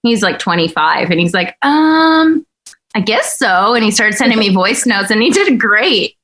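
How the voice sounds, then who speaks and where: A woman's voice: mid-range voice, lively intonation, measured pace, fairly bright tone. A woman co-hosting a podcast, talking in a chatty way about writing a story, with fillers and restarts. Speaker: podcast co-host and writer. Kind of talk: casual podcast chat.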